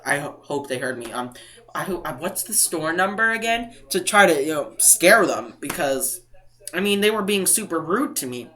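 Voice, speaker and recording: Young New England vlogger, animated and indignant, with a bright, forceful delivery. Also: male voice, on the high side, normal speed. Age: young adult. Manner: animated, indignant retelling, acts out quotes. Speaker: couponing vlogger. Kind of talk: casual storytime vlog.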